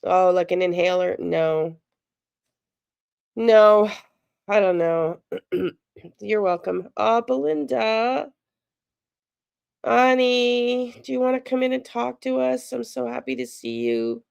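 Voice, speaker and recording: A woman's voice: medium pitch, animated, slow, gravelly, pauses often, a little mellow, clean tone, no room sound, clean studio sound. A woman hosting a casual live stream, chatty and sympathetic as she answers viewer chat aloud. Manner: emotional, sympathetic. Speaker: livestream host.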